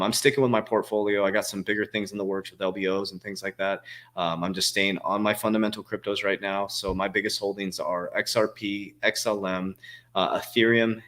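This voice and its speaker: A man's voice: on the low side, fairly bright tone. A man in his forties, a crypto coach answering viewer questions in a casual livestream, rambling and swearing, with many fillers and restarts. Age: 40s.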